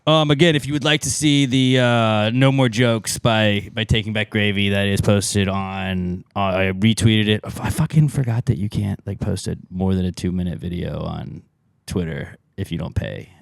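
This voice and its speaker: A man's voice: lowish voice, normal speed, vocal fry, no echo. A man co-hosting a podcast in rambling, laid-back casual banter. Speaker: podcast co-host.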